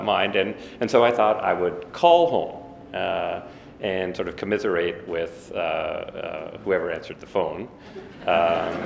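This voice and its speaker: A man in his fifties giving a self-deprecating after-dinner speech, halting with many fillers. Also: low voice, gravelly. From Ontario, Canada. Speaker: guest speaker. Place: banquet hall. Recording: echoey banquet hall with faint room noise.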